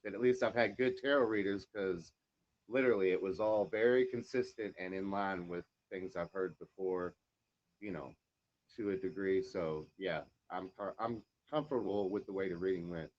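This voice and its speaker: A man's voice: deep voice, moderate pace. A man guest chatting casually and a bit rambling about his tarot reading, heard over a remote connection. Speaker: show guest. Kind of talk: casual chat. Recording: dull remote mic with faint noise.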